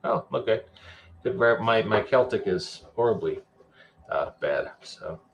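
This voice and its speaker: A male podcast host with a lowish voice keeps the chat casual and playful. He jokes freely and reads viewer comments aloud, with a faint hiss in the background. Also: animated, unhurried.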